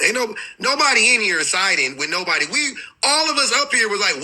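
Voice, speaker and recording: A man's voice: sits high, sing-song, fast, hardly any pauses, pushed and bright, poor audio. A man hosting a livestream, rambling and exasperated, swearing freely and restarting his sentences often. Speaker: livestream host. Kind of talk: casual livestream commentary.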